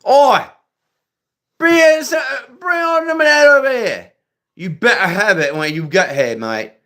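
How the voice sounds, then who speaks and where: A man voicing a rough, threatening man with a Cockney accent who drops his T's. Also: sits high, measured pace, voice pushed up. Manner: shouting, menacing, dropped T's.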